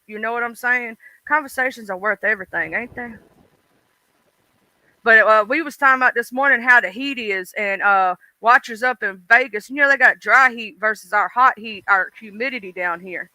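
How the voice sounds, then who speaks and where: Livestream host, male, Mississippi Deep South accent, folksy and rambling, very bright voice with a smooth, clean tone. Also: moderate pace, dry recording. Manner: rambling, folksy, talks straight to chat by name. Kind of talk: casual livestream chat with viewers.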